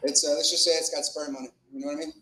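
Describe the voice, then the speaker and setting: A man's voice: fairly high pitch, bright, forceful tone. A man doing a crude, rambling, profane open-mic stand-up set on a club stage. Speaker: stand-up comic. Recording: echoey club room.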